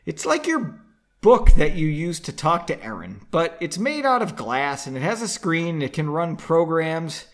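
A man's voice: a little high, very animated, normal speed, fairly bright tone. A man reading an earnest, probing young man. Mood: explaining. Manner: insistent, probing questions. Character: earnest, puzzled young man questioning a companion.

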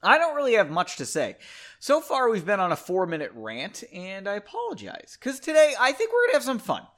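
A man hosts a casual solo podcast and rants freely, mocking himself as he goes. His voice sits a little high and jumps all over the place, flaring into loud bursts and then dropping to a mutter. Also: wildly swooping pitch, brisk. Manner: ranting, self-mocking, swings between loud outbursts and mumbling asides. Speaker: podcast host reading his own book.

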